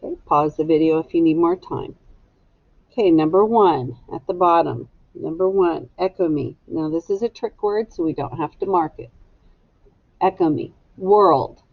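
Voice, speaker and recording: Speaking at a fairly low pitch, a female teacher reads out spelling words to little students, pronouncing them syllable by syllable at a slow, careful pace. The sound is lo-fi and free of echo.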